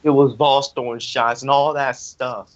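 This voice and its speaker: A man's voice: mid-range voice, fairly even intonation, measured pace, slight background noise. A young man ranting angrily in casual talk, repeating himself as he vents about an online wrestling event. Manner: angry, repetitive, ranting. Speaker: online wrestling league member. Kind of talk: heated casual rant. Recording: dull lo-fi audio.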